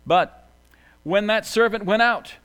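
A man preaching a sermon, swinging between hushed, quiet lines and loud, emphatic ones, repeating key phrases for emphasis. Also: high voice, slow pace, clear, resonant tone. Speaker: pastor.

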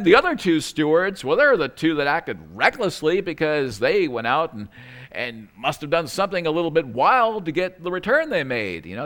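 A pastor with a slightly high, somewhat bright voice preaches a sermon conversationally, full of asides and self-corrections. Now and then he acts out quoted lines in a small, pleading voice.

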